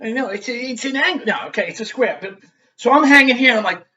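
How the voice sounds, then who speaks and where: A man's voice: very high voice, fast talker, dull audio. A middle-aged man telling a story in a casual, rambling way, swearing freely. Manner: profane, animated, rambling storyteller. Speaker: vlogger.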